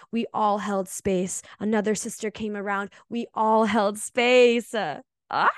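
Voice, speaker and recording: A woman hosting a solo spiritual podcast, telling a personal story in an earnest, emotional and confessional way, often slow and reflective. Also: medium pitch, clean tone, no echo, studio quality. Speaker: podcast host.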